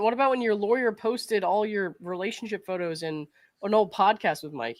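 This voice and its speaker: A woman's voice: mid-range voice, moderate pace, no echo, studio quality. A woman in a casual chat, making blunt, profane retorts.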